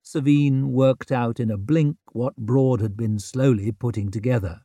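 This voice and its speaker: A man narrating an audiobook in a measured, wry storytelling manner. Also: mid-range voice, fairly even intonation, dark tone, dry recording, clean studio sound.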